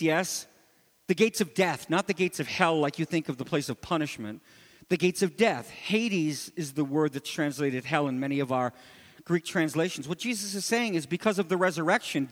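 A male preacher giving an expository sermon, teaching animatedly and swinging between loud emphasis and low asides. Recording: long hall reverb.

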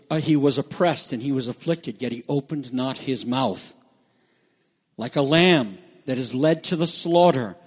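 A man preaching a sermon, with dramatic swings from loud declarations to hushed, quiet lines. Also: medium pitch. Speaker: pastor. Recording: echoey hall reverb.

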